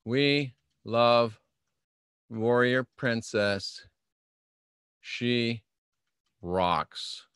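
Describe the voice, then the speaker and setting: A man's voice: medium pitch, drawn-out words, pauses often, a bit bright, smooth, dry recording, studio quality. A middle-aged man hosting a casual live stream, reading viewer questions and rambling in an offhand, joking way. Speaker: livestream host reading viewer comments.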